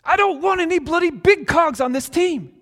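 A man putting on a British accent to voice an angry, red-faced male soccer coach shouting a halftime speech. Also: very high voice, normal speed, big-room sound, voice pushed up. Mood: stern lecturing. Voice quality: shouting, clipped and stern.

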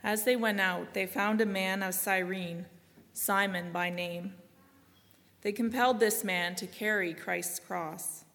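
A woman giving a solemn, measured scripture reading, slowing and softening at grave lines. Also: mid-range voice, fairly even intonation, gravelly, in a large hall. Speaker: scripture reader.

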